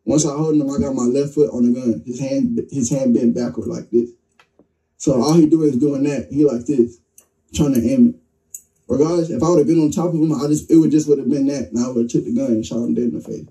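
Young man, interview guest, animated storyteller, darkly toned voice, heard from a distance. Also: on the high side. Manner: excited, vivid, acts out quotes.

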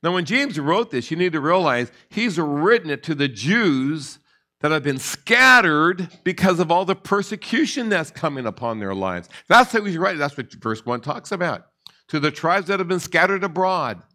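Bright-voiced male pastor teaching. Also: a little high, sing-song, normal speed. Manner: conversational teaching with repeated words and rising emphasis. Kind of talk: Bible study sermon.

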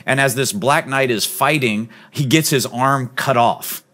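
A man preaching a sermon as pastor, earnest and emphatic, sometimes dropping to a soft, low voice. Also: unhurried. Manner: drops to a soft, low voice on key points.

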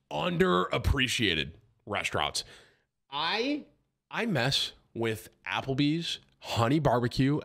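A man's voice: mid-range voice, bright, forceful tone. A man streaming live, chatting casually and thinking aloud, tossing in "bro" and "dude" all the time. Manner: talks to himself, peppers speech with "bro" and "dude".

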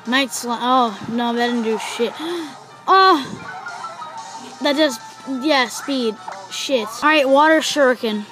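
A young woman giving let's-play commentary, excitable, gasping, swearing and shouting at the game. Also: high voice, slow, music in the background, low-quality recording. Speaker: gaming YouTuber.

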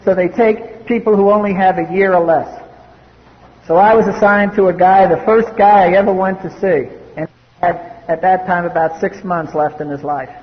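Man from the US East Coast, high voice, wry and blunt testimony speaker; dull old tape recording. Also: steady tone, moderate pace. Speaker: recovery meeting speaker. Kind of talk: personal testimony talk. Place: meeting hall. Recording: dull old cassette tape in a reverberant hall.

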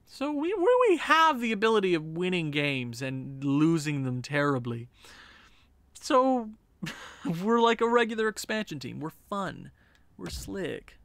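A gaming channel host narrating their own play in a relaxed, unhurried way. The voice leaps up and down in pitch with lots of animation. The sound is dry and close, and they keep laughing at their own jokes. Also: no echo. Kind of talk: casual gameplay commentary.

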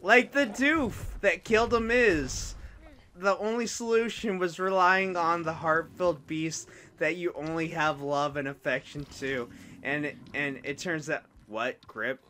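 A man's voice: fairly high pitch, unhurried, pushed and bright, a little hiss or hum. A young man giving casual, rambling, self-mocking commentary while playing a video game. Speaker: let's play host.

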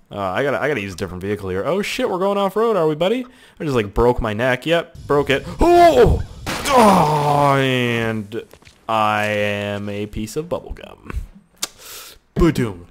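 Excitable swearing man narrating his gameplay. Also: medium pitch, brisk, hardly any pauses. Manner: excitable, yelps and laughs at crashes, heavy swearing; rambling running commentary to himself. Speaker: gaming YouTuber. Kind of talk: let's play commentary.

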